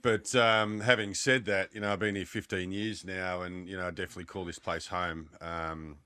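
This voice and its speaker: A man's voice: sits low, steady tone, normal speed, bright, forceful tone, smooth. A middle-aged Australian man with an Australian accent, telling his story as a podcast guest with dry humour. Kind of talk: casual chat.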